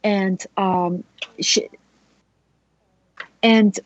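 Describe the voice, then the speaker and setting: A woman lawyer speaking as a guest on a radio law show, telling a client's story with animated rhetorical questions. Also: medium pitch, very slow, no echo, muffled recording.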